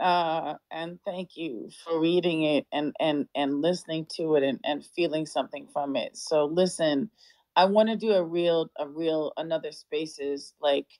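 A woman's voice: deep voice, fairly even intonation, unhurried, darkish tone, no room sound, rough recording. A woman singer chatting playfully with fans in an online audio room, often slipping into a sing-song voice. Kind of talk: casual online audio chat.

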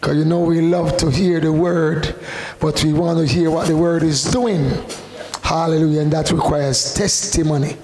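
Gravelly man exhorting in an echoey church. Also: fairly high pitch, fairly even intonation, normal speed. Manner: fervent, exhorting the congregation. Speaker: worship leader. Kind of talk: leading church worship and calling for testimonies. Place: church service. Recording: echoey church with loud band music.

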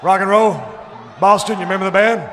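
Brief: man, shouted sarcastic promo, higher voice, booming arena, loud crowd. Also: steady tone, brisk, big-room sound, noisy background. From Texas. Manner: shouting, mock-hurt, sarcastic, breaks into off-key singing. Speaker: professional wrestler. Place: large indoor wrestling arena.

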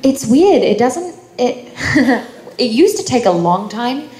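A woman's voice: on the high side, big pitch swings, takes it slowly, darkish tone. Chatty New Zealand woman in an echoey hall. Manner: chatty, laughs often, many fillers. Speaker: actor answering fan questions. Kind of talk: convention panel Q&A. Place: convention hall. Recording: echoey hall, faint noise.

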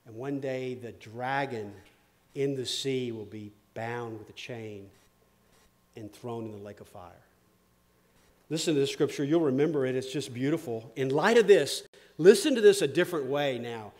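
A man preaching a sermon as pastor. He asks questions, repeats words, and swings from loud emphasis to a hush. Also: mid-range voice, normal speed.

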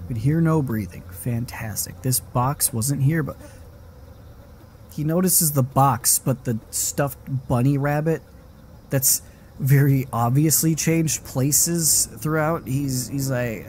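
A man's voice: medium pitch, slow, a little mellow, a little hiss or hum. A man streaming a horror game live, rambling and swearing casually as he plays. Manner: rambling, self-interrupting and swearing; frequent laughing asides. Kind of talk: casual live gaming commentary.

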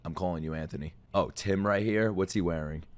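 A man reacting to a video as a streamer, talking loudly and excitedly, swearing often and breaking into sudden outbursts. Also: low voice, a little fast. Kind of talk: anime reaction commentary.

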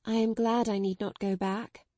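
A woman's voice: mid-range voice, level tone, normal speed, warm tone, dry recording, lightly acted. A woman voicing an earnest, tender young girl who speaks with eager, breathless wonder.

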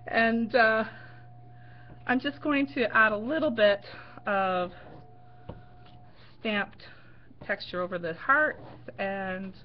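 Giggly woman with a lively pitch. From Canada. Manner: giggly, animated storyteller who laughs often. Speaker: livestream craft host. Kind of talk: casual craft livestream chat. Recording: dull lo-fi stream audio with faint noise.

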